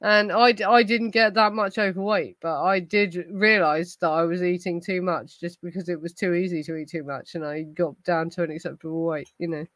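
A woman's voice: on the low side, fairly even intonation, normal speed, few pauses, fairly bright tone, dry recording, low-quality recording. A woman hosting a casual livestream chat, tipsy and ranting with rambling, heavy swearing. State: tipsy from gin. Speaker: host of a true crime livestream.

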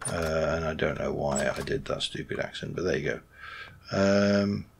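A man's voice: extremely low pitch, moderate pace, gravelly, breathy edge. A man rambling casually as he plays a game, thinking aloud and correcting himself. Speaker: Minecraft let's play host. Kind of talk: casual gameplay commentary.

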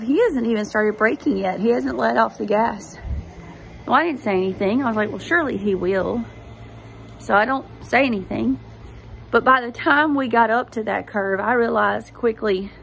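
Her voice is slightly high with vocal fry, and the recording carries a faint hiss or hum. She hosts a faith vlog, earnestly and animatedly recounting her testimony straight to the audience.

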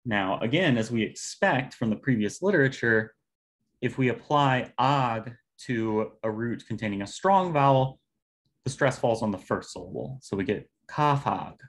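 A man presenting an academic linguistics talk over a video call, measured and explanatory with occasional fillers. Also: mid-range voice, animated. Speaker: conference presenter.

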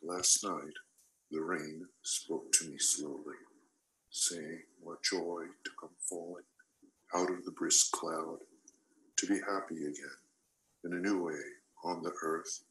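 A man reading a rain poem with his own voice digitally pitched far down, slow and solemn. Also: steady tone, fairly bright tone, roomy sound. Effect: pitch shifted down.

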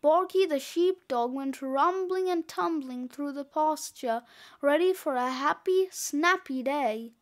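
A woman reads a children's book aloud in a high voice. She tells the story slowly and with care. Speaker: reader.

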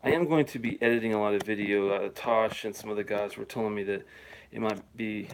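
A middle-aged man with a fairly low voice chats loosely through a live stream. He rambles, restarts and chuckles between thoughts, speaking into a phone-style device. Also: fairly even intonation, fairly quick, a little hiss or hum. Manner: rambling and chatty, with frequent fillers and chuckles. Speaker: whisky reviewer hosting a live show. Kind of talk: casual live-stream chat. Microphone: phone or handheld device he plugs in and holsters.

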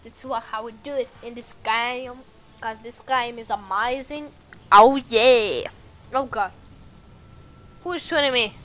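Excitable woman taunting game enemies. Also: a little high, a little slow, pauses often. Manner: frequent exclamations and repeated words. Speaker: gameplay video maker. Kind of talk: gameplay commentary. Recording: music playing loud behind voice. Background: background music and game sounds.

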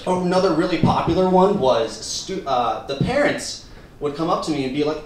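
An animated young man telling a stand-up story, his pitch swinging high and lively. He sounds a bit higher than most men. The mic picks him up from a distance in a very echoey theater, with faint background noise. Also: a little fast. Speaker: stand-up comedian. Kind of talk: stand-up comedy set. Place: theater stage with live audience.

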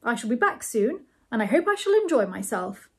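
A woman's voice: fairly high pitch, big pitch swings, moderate pace, husky, exaggerated voice. Woman reading as bashful Mister Saltina. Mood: genteel. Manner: hesitant, polite, drops to a whisper when nervous.

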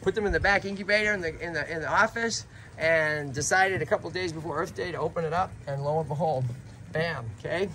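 A man hosting a casual outdoor vlog at a tortoise sanctuary, energetic and animated, constantly checking in with "right?". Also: fairly high pitch, fast, slight background noise.

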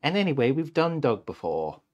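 A man voicing a grumpy, doubting cat in a children's picture book read aloud, in a loud, questioning delivery. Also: medium pitch, sing-song, moderate pace, muffled recording, natural voice. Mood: sceptical. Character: sceptical grumpy storybook cat.

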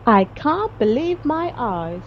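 A woman doing an excitable jungle hunter. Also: a little high, takes it slowly, husky, muffled recording, exaggerated voice. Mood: grateful, eager.

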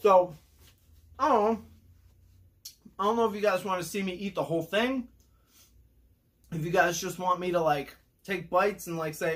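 A man hosting a casual food review vlog, excitable and talking while he chews. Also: high voice, normal speed, long pauses. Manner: excitable, talks while chewing.

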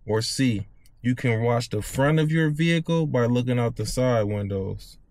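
A man's voice: mid-range voice, a little mellow. A man, reading driving test questions aloud and explaining the answers in loose, casual talk. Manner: reads questions slowly, then explains in loose slang. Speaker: CDL test tutor.

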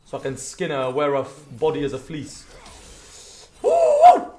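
A young British man streaming a game, commentating live with profane trash talk and sudden shouts. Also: mid-range voice, fairly even intonation, brisk. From Britain. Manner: trash-talking, profane, erupts into shouts and sing-song bits. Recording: roomy with faint background hiss.

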